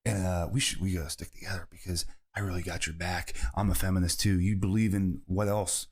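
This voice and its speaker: A man voicing a smarmy young man who fawns and agrees with everything to impress women, in a low, soft, ingratiating voice. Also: level tone, brisk. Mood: fawning.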